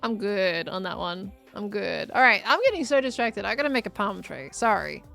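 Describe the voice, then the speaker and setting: A woman's voice: medium pitch, animated, vocal fry, bright, forceful tone, soft background music. A young Australian woman chatting casually on a live game stream, answering chat as she builds. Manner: chatty, reading and answering chat, quick laughs.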